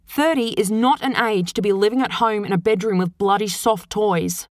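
A thirty-year-old daughter, as a woman acts her out, exasperated yet affectionate with her mother. She talks higher and brighter than plain speech. The recording is close and dry. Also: moderate pace, no echo, close to an everyday voice. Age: 30s. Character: grown daughter moving out of home.

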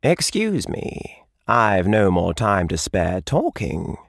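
A man voicing a haughty talking male cat who speaks in a slow, affronted, drawn-out way. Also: on the low side, wildly swooping pitch, creaky, no echo, clean studio sound, exaggerated voice. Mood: offended.

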